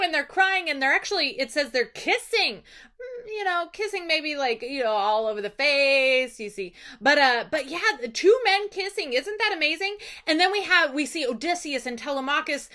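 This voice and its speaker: Animated woman teacher, chatty classroom delivery. Bright, forward tone. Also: high voice, moderate pace. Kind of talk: casual lesson recap.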